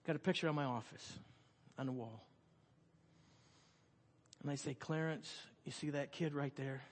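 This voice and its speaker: A middle-aged male pastor telling a story in a sermon, swinging from loud excited storytelling to soft hushed tones. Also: medium pitch, moderate pace. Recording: long hall reverb.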